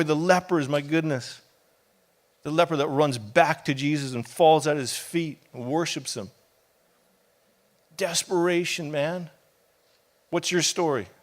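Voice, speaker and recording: A middle-aged man, a pastor, preaching a sermon with impassioned, conversational delivery and casual asides. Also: on the high side.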